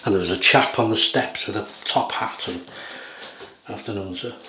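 A man's voice: on the low side, a little fast, sharp tone. A man chatting casually while shaving, telling rambling stories that often lose their thread. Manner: rambling, anecdotal, chuckling, loses his thread. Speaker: shaving vlogger. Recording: roomy with faint noise.

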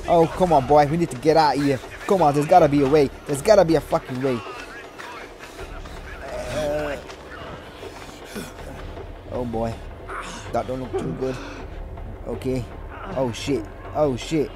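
Jumpy and panicked, a young man yelps, shouts, and swears constantly while commentating a horror game let's play. He talks a little slowly in a mid-range voice, leaving long pauses.

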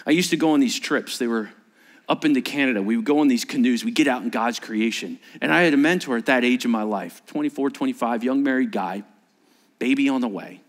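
A male pastor preaching a sermon with animated storytelling, swinging from loud emphasis to hushed asides. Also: mid-range voice, fairly quick.

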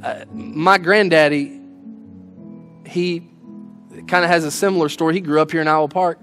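A man's voice: on the high side, a bit bright. A man preaching a sermon in an earnest, folksy way, restarting his words as he goes. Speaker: pastor. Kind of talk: sermon with closing prayer.

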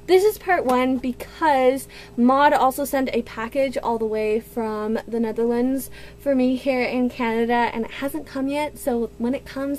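A young woman in her twenties talks through an unboxing vlog at home. She gushes and gasps with excitement. Her voice sits fairly high, she takes her time, and faint room ambience hangs behind her. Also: unhurried, slight background noise. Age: 20s. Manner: gushing and excitable, with gasps and squeals. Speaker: book vlogger.

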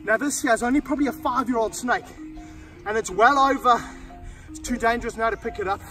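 A middle-aged man hosting an energetic outdoor wildlife demonstration, talking straight to his viewers and breaking into whoops. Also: very high-pitched, a little fast, far from the mic, faint music behind. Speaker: wildlife handler and host. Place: outdoors by snake enclosures.

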